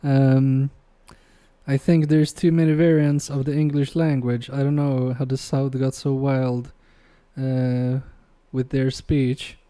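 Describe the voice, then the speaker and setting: In a warm, mid-range voice that stays level and slow, a man chats casually with his live-stream audience while repairing electronics. He jokes, swears, and laughs often between remarks.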